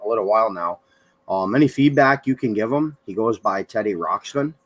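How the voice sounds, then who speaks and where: A man hosts a casual online radio interview over a streamed call. His voice sits a little low, and he talks in an upbeat, slangy way. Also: expressive, fairly quick. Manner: upbeat, slangy, says "hell yeah". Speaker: radio show host. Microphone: streamed video call.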